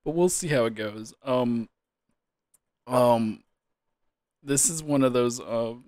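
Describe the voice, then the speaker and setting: A man's voice: medium pitch, takes it slowly, a little mellow, no echo. A man commentating a quiz casually, giggling helplessly and fighting back tears of laughter. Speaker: gaming YouTuber.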